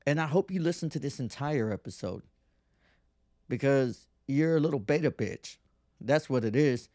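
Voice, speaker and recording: A man in his thirties hosts a podcast in an expressive, dark-toned, medium-pitched voice at normal speed, recorded dry in a clean studio. The casual monologue is a brash, profane, mocking rant peppered with whiny impressions of other people.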